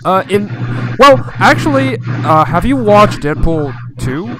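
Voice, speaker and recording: A man's voice: high voice, sing-song, a little slow, background noise. A man playing a tabletop game, chatting hesitantly with frequent laughs. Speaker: player.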